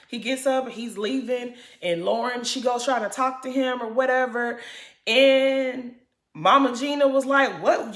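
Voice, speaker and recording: A woman's voice: mid-range voice, a bit bright. Blunt woman recapping, echoey room. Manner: blunt, opinionated, acts out quotes of the cast. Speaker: reality show recap commentator. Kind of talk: casual recap commentary.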